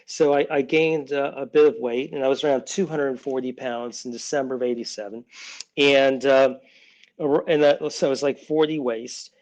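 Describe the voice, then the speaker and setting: A man's voice: mid-range voice, steady tone, moderate pace, darkish tone, rough recording. A man in his sixties, a children's author, talking through his ideas in a loose, rambling way, often restarting sentences and briefly acting out relatives' voices. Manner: rambling, many restarts, acts out family voices. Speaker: children's book author, guest. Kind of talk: casual interview talk.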